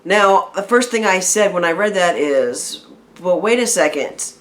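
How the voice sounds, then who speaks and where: Woman, casual film-review chat at home, rambling and lively with restarts. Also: fairly low pitch, measured pace. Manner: rambling, animated rants with restarts. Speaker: video reviewer. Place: home room with a film playing on the TV.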